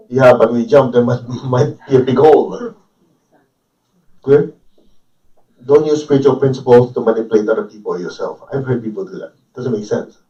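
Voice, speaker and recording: A spiritual teacher of Chinese family background speaks casually and humorously to a group, frequently asking the audience questions. His medium-pitched voice is mellow and fairly quick, captured in a dull, distant, roomy live recording.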